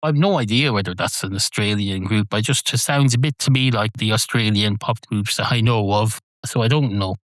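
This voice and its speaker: A man's voice: fairly low pitch, normal speed, hardly any pauses. A middle-aged Irish man hosting a solo podcast, talking in a rambling, wry, digressive way. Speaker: podcast host.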